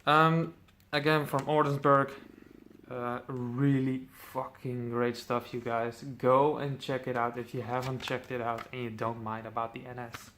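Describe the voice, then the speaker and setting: A man's voice: medium pitch, little pitch movement, a little slow, a bit bright, a little hiss or hum. A man casually presenting his metal CD collection, enthusiastic, swearing freely, with lots of ums.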